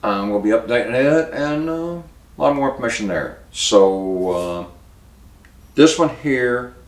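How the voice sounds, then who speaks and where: A man hosting a local news commentary show, talking in a plainspoken, halting way and cueing a producer to put up pictures. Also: mid-range voice, lively intonation, reverberant. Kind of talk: casual spoken commentary.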